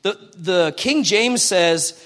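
A man with a high voice delivers a sermon in a church. He talks in a casual, animated way and keeps putting questions to the people listening. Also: slow pace. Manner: conversational, animated, asks the congregation questions. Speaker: preacher.

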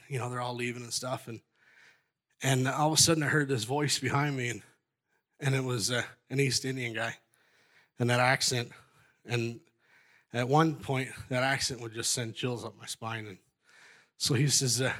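A man's voice: mid-range voice, steady tone, normal speed, pauses often, a bit bright. A middle-aged man giving a rambling personal testimony at a church gathering, restarting sentences and joking at his own expense. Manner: rambling, self-interrupting, jokey.

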